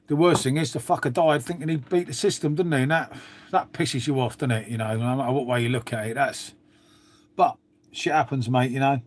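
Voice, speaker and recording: A man's voice: mid-range voice, steady tone, fairly quick. A middle-aged man chatting casually to viewers on a live stream, swearing freely and trailing off into asides. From England. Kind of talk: rambling casual chat to viewers.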